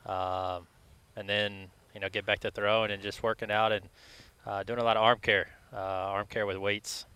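A young man from Louisiana answering fan questions in a relaxed, hesitant way, with many pauses and fillers. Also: lowish voice, smooth. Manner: laid-back, hesitant with many uhs. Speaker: guest athlete. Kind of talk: casual interview answers.

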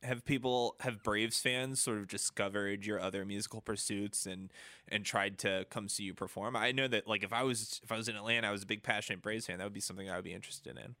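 A man's voice: on the low side, steady tone, quick pace, bright, forceful tone, dry recording, clean studio sound. A man interviewing a guest, asking questions in an enthusiastic, friendly way.

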